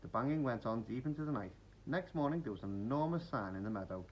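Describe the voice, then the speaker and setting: Animated man reading a bedtime story. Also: mid-range voice, fast, few pauses, highs cut off, slight background noise. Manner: animated, expressive. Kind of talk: bedtime picture-book reading.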